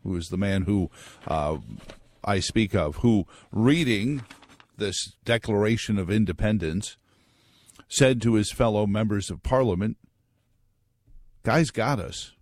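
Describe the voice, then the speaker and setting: Man, talk radio host, low voice, dry close studio sound, wry and joking, wanders off on tangents. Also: unhurried, a little mellow, no room sound.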